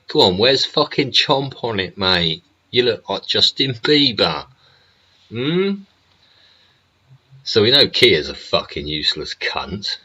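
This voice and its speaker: A man's voice: sits low, sharp tone, lo-fi sound. A man, hosting a ranting political monologue, angry and swearing constantly, with rhetorical tag questions. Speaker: host.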